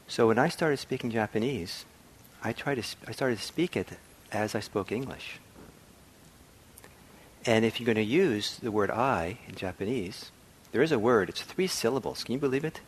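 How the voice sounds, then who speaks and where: Soft-spoken man with a low voice. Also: lively intonation, normal speed, slight background noise. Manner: soft-spoken, reflective, with frequent ums and restarts. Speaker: meditation teacher. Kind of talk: dharma talk. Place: meditation hall.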